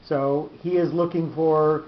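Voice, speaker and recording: Fillers and restarts mark this man's slow, halting explanations as he teaches a Torah study session, easing off to spell out terms. His intonation stays fairly even, and the audio comes from a dull, echoey room with a faint rumble.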